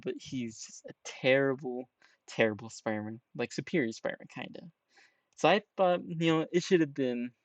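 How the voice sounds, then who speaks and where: A man's voice: medium pitch, no room sound. A man giving casual, rambling reaction commentary on a game trailer, peppering his talk with "you know" and "right?". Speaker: trailer reviewer.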